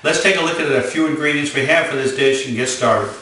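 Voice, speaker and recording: Male chef host, folksy down-home delivery, mid-pitched voice, roomy kitchen echo. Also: fast talker, pushed and bright. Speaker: chef, cooking show host. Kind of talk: home cooking demonstration.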